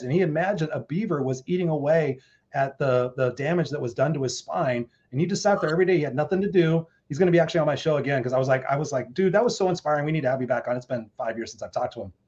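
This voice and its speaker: Man, host, quick upbeat talker, dull lo-fi recording. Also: a little high, darkish tone. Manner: upbeat, rambling, lots of fillers. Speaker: podcast host. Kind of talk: casual interview chat.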